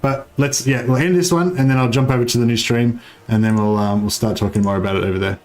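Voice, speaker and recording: A man's voice: mid-range voice, fairly even intonation, fast talker, a little mellow. A man streaming a game live, chatting casually and rambling, with many fillers as he reads his chat aloud.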